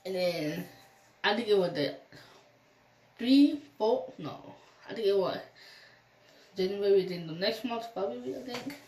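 A woman's voice: mid-range voice, expressive, a little slow, pauses often, darkish tone, far from the mic. A young woman recounts a story for her vlog, her voice rising and falling a lot as she plays out each quoted call. She sits some way from the camera mic, and the room echoes around her. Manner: rambling retelling, acting out quoted phone calls. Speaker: vlogger.

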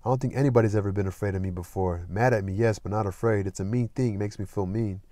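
A blunt small-town deputy, put on by a man reading aloud asks one pushy question after another. The voice sits a shade higher than a low, mellow reading tone, close and dry. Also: fairly even intonation, quick pace, no room sound, lightly acted. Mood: uneasy. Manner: pushy questioning, growing stern.

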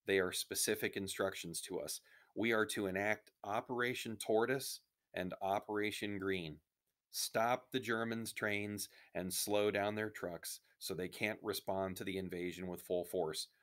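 Man reading a stern, low-voiced resistance chief, quiet and measured, storybook. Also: steady tone. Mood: regretful. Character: stern male resistance leader, businesslike.

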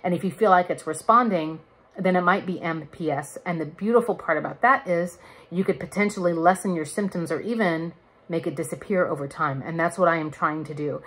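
A woman's voice: fairly low pitch, fairly quick, fairly bright tone, slightly rough. A woman in her thirties chatting candidly to camera in a casual vlog, laughing now and then. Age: 30s. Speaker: vlogger. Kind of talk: casual chat.

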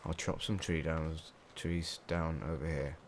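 A young English man with a low voice talks through a survival game, swearing and muttering in panic. A faint hum sits behind him. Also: fairly even intonation, measured pace. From England. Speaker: gamer. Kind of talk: let's play commentary. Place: small hot room at home.

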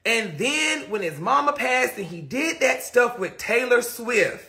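A man's voice: extremely high pitch, big pitch swings, a little slow, sharp tone. A man chatting casually on a phone livestream, answering viewer comments in a rambling, profane and emphatic way.

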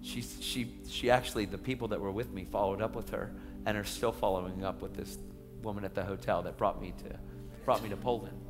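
A man preaching a sermon testimony as an evangelist, telling stories in an animated, emphatic way. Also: lowish voice, a little fast. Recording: echoey hall with faint music.

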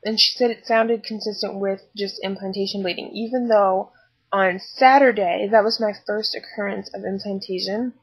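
Tired woman chatting candidly on a webcam, husky and creaky. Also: mid-range voice, steady tone, normal speed, low-quality recording. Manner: chatty and candid, lots of fillers and asides. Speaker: vlogger. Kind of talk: casual pregnancy vlog. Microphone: laptop webcam.

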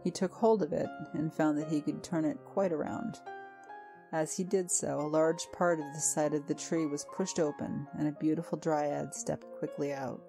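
Low-voiced woman storyteller. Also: fairly even intonation, normal speed, vocal fry. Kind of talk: storybook narration. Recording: faint music behind.

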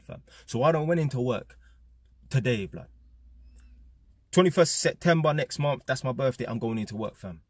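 A man's voice: fairly high pitch, breathy edge, dry recording, clean studio sound. A young man with a London accent talking straight to his viewers in a casual, blunt motivational monologue, peppering his talk with slang. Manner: London slang, blunt and emphatic, repeats "blood" and "fam". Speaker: vlogger.

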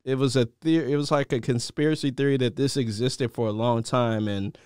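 A man's voice: medium pitch, steady tone, a little fast, a little mellow, clear, resonant tone, no room sound, clean studio sound. A man co-hosting a casual talk show, rambling and searching for words with many fillers. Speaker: podcast co-host. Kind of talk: casual chat.

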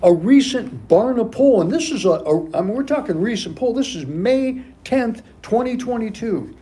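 A man's voice: extremely high pitch, animated, moderate pace, warm tone. A man preaching a sermon as pastor of a church, emphatic and repeating key phrases for stress. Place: church sanctuary.

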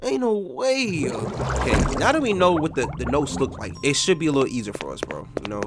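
High, excitable young man gaming. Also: a little fast, very noisy. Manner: jumpy and loud, yelling and trash-talking. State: out of breath. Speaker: gaming YouTuber. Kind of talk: excited horror game commentary.

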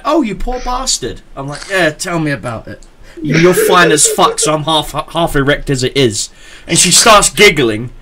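A man's voice: high voice, noisy background. A young man, hosting a podcast and telling a crude story in a loose, laughing way. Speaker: podcast host. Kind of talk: casual storytelling.

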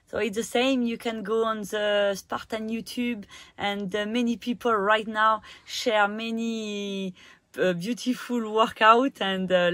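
A woman with a French accent, a native French speaker, giving casual wellness tips in a hesitant, halting way with many fillers and frequent laughs. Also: mid-range voice, a bit bright, no echo. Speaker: wellness coach. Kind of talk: casual instructional vlog.

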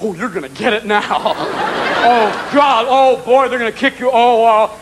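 A comedian voicing a family dog gloating that the cat is in trouble, on a live stage recording. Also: male voice, very high voice, moderate pace, a crowd in the background, background noise, pitched above the performer's own voice. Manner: gloating, excited. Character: gleeful gossipy family dog. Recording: live stage show with loud audience.

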